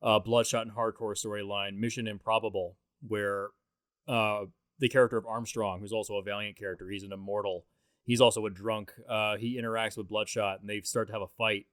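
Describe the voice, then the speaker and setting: A man's voice: lowish voice, level tone, fairly quick, fairly bright tone, dry recording, clean studio sound. A man giving a casual, rambling commentary track on a film, talking in a loose, conversational way. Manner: rambling, conversational, with many fillers and restarts.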